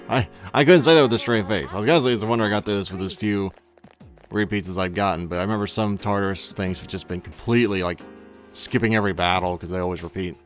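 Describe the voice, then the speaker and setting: A man's voice: deep voice, steady tone, quick pace, faint music behind. A man giving casual, rambling commentary on his own gameplay, often correcting himself mid-thought. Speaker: let's play gamer.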